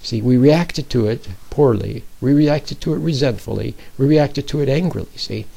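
A man's voice: mid-range voice, normal speed, vocal fry, mellow, rough recording. A man giving an informal, conversational sermon, often checking in with his listeners. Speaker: speaker giving a Bible talk.

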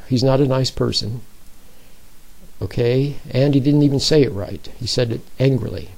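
A man's voice: medium pitch, normal speed, vocal fry, darkish tone, poor audio. A man giving an informal, conversational sermon, often checking in with his listeners. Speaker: speaker giving a Bible talk.

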